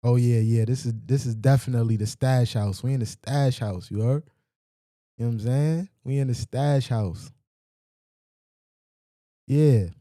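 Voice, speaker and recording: A man's voice: mid-range voice, a little slow, long pauses, mellow, dry recording, studio quality. A man hosting a livestream, chatting casually with his viewers in a loose, slangy and profane way. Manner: loose, slangy and profane, talking straight to the chat. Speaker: livestream host. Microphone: desk microphone with mic checks.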